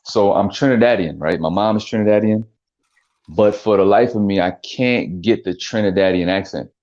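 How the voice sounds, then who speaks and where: A man, a comedian guest on a podcast, talking in a relaxed, reflective way and thinking things through as he goes. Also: fairly low pitch, normal speed, highs cut off. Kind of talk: casual interview chat.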